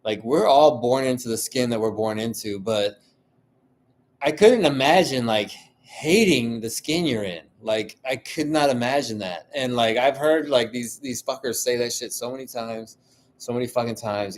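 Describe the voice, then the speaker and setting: A man's voice: mid-range voice, normal speed. A man hosting a solo podcast, ranting heatedly with heavy swearing and constant fillers. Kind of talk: casual monologue.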